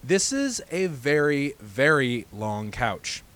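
A young man with a plain, mid-range voice tells a long story on a casual podcast. He rambles, filling his pauses with "uh" and "um". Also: mid-range voice, sing-song, a bit bright. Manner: rambling, many "uh"s while telling a long story. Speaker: podcast co-host.

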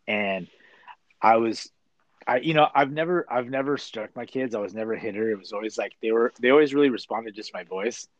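A middle-aged man spins animated stories in an easy, conversational way, peppering his talk with "dude". His voice is pitched in the middle and sounds close and dry, with no room echo. He comes across as relaxed chat over a video call. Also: a little fast, lo-fi sound. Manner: animated storyteller, says "dude" a lot. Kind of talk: casual chat.

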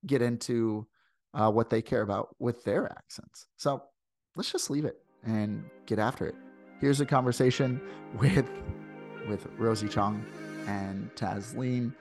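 A man with a Midwestern American accent hosts a podcast in a loose, digressive way, full of fillers. His voice sits low with a gravelly edge. The sound is dry and close. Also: no room sound. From St. Louis, USA. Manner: rambling, digressive, many fillers. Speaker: podcast host. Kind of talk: casual podcast chat. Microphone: video call.

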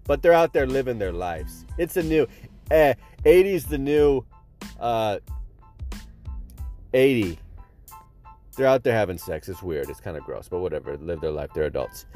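A man's voice: on the low side, animated, moderate pace, pauses often, dark tone, soft background music. A man hosting a comedic news monologue in a sarcastic, crude, self-mocking way, sick with a stuffy nose.

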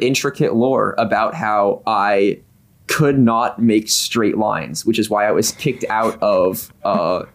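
A man on a casual podcast, an improv performer, telling stories in a relaxed way with lots of ums. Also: on the low side. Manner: relaxed storytelling with many fillers.

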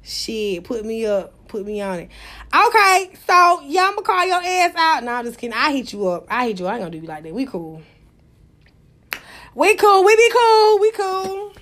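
A young woman hosts a live audio room, fussing and cussing at her listeners in a loud, animated way. Her voice sits high, and she pushes it up even further when she gets worked up. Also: a little fast. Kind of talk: casual live-stream chat.

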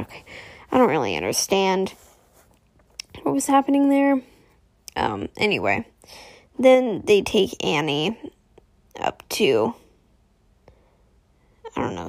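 Lively, gravelly woman recapping a show. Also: medium pitch, dry recording. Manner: rambling, fillers like "um, anyway", self-correcting. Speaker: TV episode recapper. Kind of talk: casual episode recap.

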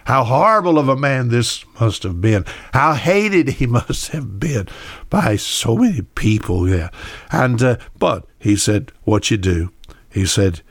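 A man's voice: mid-range voice, animated, measured pace, dry recording. A man preaching a sermon in a folksy storytelling way, acting out the voices of the people in his Bible stories.

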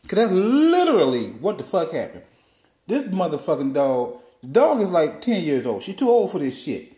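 A man hosting a podcast, telling a profane comic story in a loose, animated way and acting out what people said. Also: sits high, normal speed. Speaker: podcast host. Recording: roomy echo.

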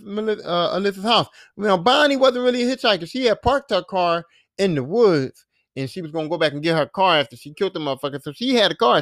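A man's voice: sits high, a bit bright. Profane, rambling male podcaster. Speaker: podcast host. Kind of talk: casual show recap.

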